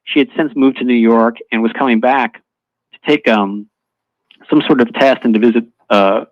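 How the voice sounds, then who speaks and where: A man telling a personal story as a guest in casual chat, halting, with many fillers and restarts. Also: medium pitch, no room sound. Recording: dull lo-fi online audio stream.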